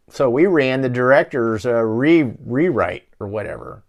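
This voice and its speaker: A man's voice: medium pitch, expressive, normal speed, few pauses. A man hosting a casual movie-riffing show from his office, rambling and swearing as he rants. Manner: rambling, profane, ranting. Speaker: show host.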